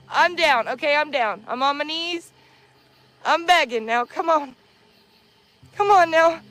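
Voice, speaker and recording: A woman filming herself outdoors in dark woods at night on a handheld camera, talking to viewers in a frightened, pleading, panicky way and swearing. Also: sits high, measured pace. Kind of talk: frightened live commentary to viewers.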